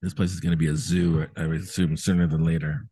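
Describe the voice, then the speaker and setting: A man's voice: rumbling low, level tone, fast, mellow, a little hiss or hum. A man hosting a podcast from a brewery taproom over a laptop video call, chatting casually over beers with lots of fillers and restarts. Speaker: podcast host.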